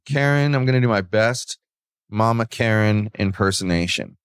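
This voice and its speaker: Low-voiced man in rambling podcast chat. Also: moderate pace, smooth, dry recording, clean studio sound. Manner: rambling, recaps a show with restarts. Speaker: podcast co-host. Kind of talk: casual chat.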